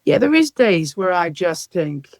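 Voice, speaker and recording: A middle-aged woman from Ireland, a care sector leader, telling lively stories as a podcast guest and acting out the dialogue in them. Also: fairly low pitch, a little slow, no echo. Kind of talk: podcast interview storytelling.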